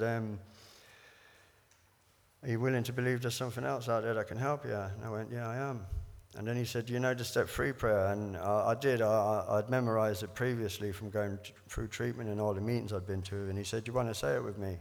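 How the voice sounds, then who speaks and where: A man gives candid personal testimony about his recovery, circling back and repeating words as he acts out old conversations. His voice sits at an everyday pitch and carries a long reverb from a hall. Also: vocal fry. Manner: rambling, repeats words, quotes others in dialogue. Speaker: recovery speaker sharing his story.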